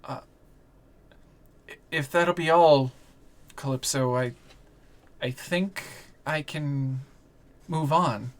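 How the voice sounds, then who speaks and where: A game master voicing a tender, hesitant ghostly lover who speaks softly and haltingly. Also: mid-range voice, slight background noise, close to an everyday voice. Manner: soft, halting and gentle.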